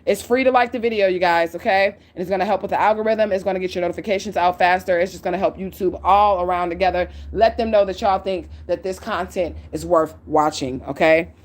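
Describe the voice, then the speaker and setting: A woman's voice: on the low side, fairly quick, few pauses. Blunt, profane woman reading tarot. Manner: blunt, profane, emphatic, punctuates points with "okay?" and "period". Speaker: tarot reader. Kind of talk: casual tarot reading to camera. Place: at home near a window.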